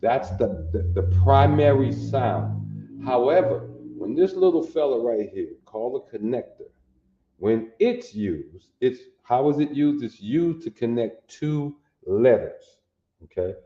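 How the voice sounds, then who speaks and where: A man teaching a language class, slow and patient, sounding out each syllable aloud. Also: mid-range voice, big pitch swings, dark tone, echoey room, highs cut off, slight background noise. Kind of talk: classroom lesson.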